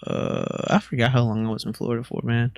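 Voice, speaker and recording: A man's voice: medium pitch, level tone, fast talker, background noise. A young man, a podcast guest, telling rambling, slangy stories in a laid-back way. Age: young adult. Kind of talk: casual storytelling.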